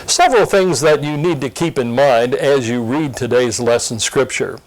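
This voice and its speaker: A man presenting a scripted Sunday school lesson preview in an earnest, expressive teaching tone. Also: medium pitch, moderate pace, poor audio. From Pennsylvania.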